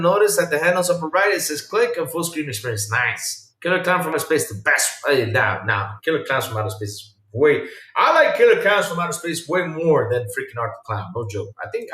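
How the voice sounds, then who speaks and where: A male podcast host chatting casually on a livestream and reacting to viewer comments, excitable and rambling, swinging between low mumbles and loud outbursts. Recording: roomy sound from a distant mic.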